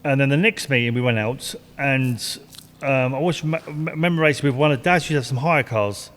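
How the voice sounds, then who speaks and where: A man's voice: medium pitch, fairly quick, fairly bright tone. An older man, a retired stock car driver, telling rambling racing stories with laughs and swearing. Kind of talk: casual storytelling interview. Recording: long hall reverb.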